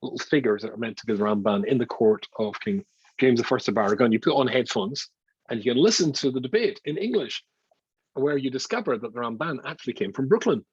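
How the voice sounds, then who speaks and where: An older rabbi with a husky voice teaches in a chatty, wry way, full of self-mocking asides. His pitch moves about a lot as he tells his stories. The recording sounds dull and dry, with no room echo. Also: expressive, brisk. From Scotland. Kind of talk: informal Torah lecture.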